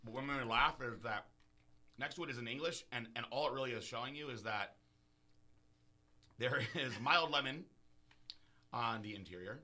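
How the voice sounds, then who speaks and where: A man's voice: medium pitch, normal speed, long pauses, pushed and bright. A man co-hosting a casual chat, playful and joking, often laughing as he tells a story. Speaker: co-host. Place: office studio.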